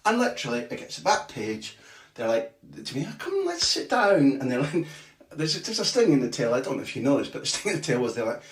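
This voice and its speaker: A man's voice: medium pitch, fast talker, recorded from a distance. A man, a football journalist, telling a story on a casual podcast, swearing freely, restarting his sentences and acting out what other people said. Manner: animated, swearing, restarts often, acts out quotes. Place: small bathroom at home, remote call. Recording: echoey small room, off-mic.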